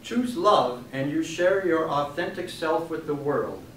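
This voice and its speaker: A man, an author giving a book reading, telling a story in an animated way and acting out the quotes. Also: on the high side, measured pace, slight background noise. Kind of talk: storytelling talk. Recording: echoey room from a distant mic.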